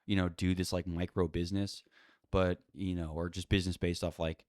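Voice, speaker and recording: A man's voice: sits low, little pitch movement, brisk, darkish tone, no room sound, studio quality. A man ranting casually and at length on his own podcast, exasperated and profane, full of "you know" and "like". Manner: rambling, profane, exasperated, many fillers. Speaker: podcast host. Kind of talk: casual solo rant.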